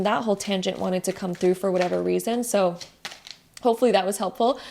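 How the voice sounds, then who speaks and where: A young woman giving a casual spiritual tarot card reading, gentle and rambling with many fillers. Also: medium pitch.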